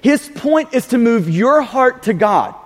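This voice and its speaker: High-voiced emphatic male preacher in a reverberant hall. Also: big pitch swings, unhurried. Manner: emphatic, repeats words, frequent restarts. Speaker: pastor. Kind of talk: sermon.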